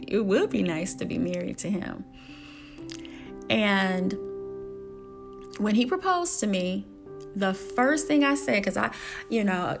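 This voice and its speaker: A woman earnestly telling a personal story, repeating her phrases and acting out old conversations. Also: mid-range voice. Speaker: speaker sharing her life story.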